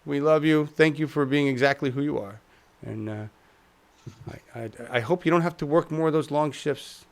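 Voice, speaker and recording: A man's voice: a little high, moderate pace. A man hosting a casual livestream chat show, talking in a rambling, chuckling, self-deprecating way. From United States. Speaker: host.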